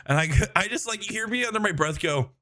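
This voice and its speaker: A man co-hosting a podcast, telling stories in a casual, animated way, laughing often and acting out quotes in voices. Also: high-pitched, fast talker, very noisy. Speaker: podcast co-host. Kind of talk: casual storytelling chat.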